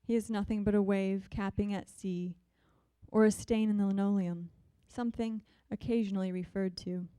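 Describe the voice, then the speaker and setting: A woman poet reading her poems in a measured, deliberate way, with soft, hesitant asides between them. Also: medium pitch, fairly even intonation, clear, resonant tone, dry recording. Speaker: visiting poet. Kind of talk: poetry reading.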